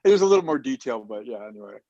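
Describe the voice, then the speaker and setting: A man's voice: medium pitch, fast talker, no room sound. Guy telling a wild story on a podcast, does all the voices, kinda muffled dry audio. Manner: animated storyteller who acts out quotes. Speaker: roundtable guest. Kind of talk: casual storytelling. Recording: dull muffled dry sound.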